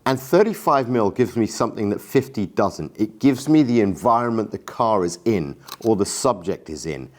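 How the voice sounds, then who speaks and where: Enthusiastic man, low voice. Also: lively intonation, moderate pace, hardly any pauses. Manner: enthusiastic, self-deprecating, chatty. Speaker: camera gear vlogger. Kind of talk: casual gear review vlog.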